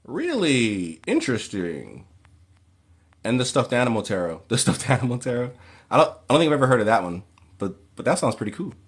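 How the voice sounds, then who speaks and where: A man hosting a casual livestream Q&A who reads viewers' questions aloud and answers in a relaxed, plain way. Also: medium pitch, a little fast, husky. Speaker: occult livestream host.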